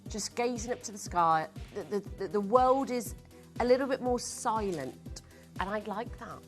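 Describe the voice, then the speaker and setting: A woman's voice: medium pitch, animated, normal speed, soft background music. A woman presenting jewellery on a live shopping channel, chatty and gushing as she sells. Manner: gushing, chatty sales patter.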